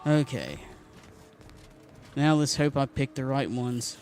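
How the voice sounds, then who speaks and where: A man's voice: medium pitch, big pitch swings, slow pace, pauses often, over music. A man with a Southern US accent chatting casually and jokingly while streaming a game live. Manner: chatty, joking, talks to his cat and chat.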